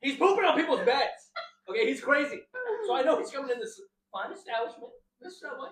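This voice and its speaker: Animated young man telling a story. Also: very high voice, fairly quick, recorded from a distance. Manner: animated, acts out quotes loudly. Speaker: podcast co-host. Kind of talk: casual storytelling chat. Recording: echoey room, voice a bit off-mic.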